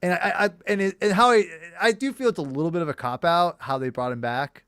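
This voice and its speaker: A man's voice: sits high, fairly quick, a bit bright, clear, resonant tone, no room sound, clean studio sound. A man in his thirties, co-hosting a casual podcast chat, rambling with frequent restarts. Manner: rambling, lots of restarts and fillers. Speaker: podcast co-host.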